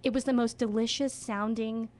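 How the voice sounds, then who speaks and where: A woman's voice: a little high, steady tone, moderate pace, a little mellow. A woman who directs children's theater, talking as a guest in a radio studio interview with enthusiasm and expression.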